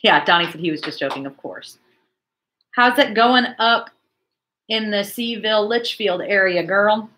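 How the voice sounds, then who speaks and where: A woman in her forties hosts a casual church livestream chat, reading viewer comments and chatting in an animated way. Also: mid-range voice, a little slow.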